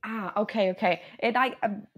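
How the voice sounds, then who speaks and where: A woman's voice: medium pitch, normal speed, slightly rough. A woman from Germany, a podcast guest chatting casually in English with many fillers and restarts. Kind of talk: casual conversation.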